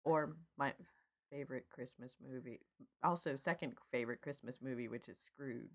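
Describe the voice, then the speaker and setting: A woman's voice: extremely low pitch, normal speed. A woman co-hosting a podcast, chatting and rambling through recommendations and wrap-up. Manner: chatty, rambling, easily sidetracked. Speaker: podcast co-host. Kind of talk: casual chat.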